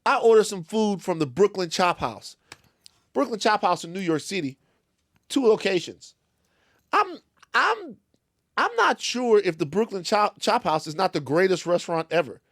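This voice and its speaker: Animated man telling a story in a dry studio. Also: sits high, moderate pace, no room sound. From Louisiana. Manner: animated storytelling, swearing, acting out other voices. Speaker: podcast co-host. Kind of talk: casual studio chat. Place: podcast studio.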